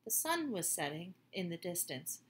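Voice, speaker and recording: A woman reading a children's book aloud in a gentle, expressive way. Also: on the low side, moderate pace, slight background noise. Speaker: storyteller.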